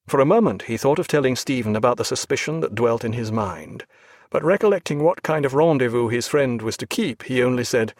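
Expressive male audiobook narrator, dry sound. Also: mid-range voice, dry recording. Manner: measured, expressive reading with varied delivery. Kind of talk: scripted narration of a naval novel.

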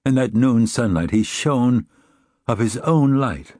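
A man narrating a novel in a measured, reflective reading. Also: mid-range voice, expressive, warm tone, no room sound, studio quality. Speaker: audiobook narrator. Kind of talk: scripted narration.

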